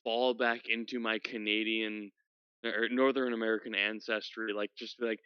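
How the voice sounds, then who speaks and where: A man's voice: on the low side, flat delivery, normal speed, clear, resonant tone, no room sound, lo-fi sound. A man from Minnesota chatting casually with fellow tabletop players, rambling and poking fun at himself. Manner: rambling, self-deprecating. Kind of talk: casual chat among gamers.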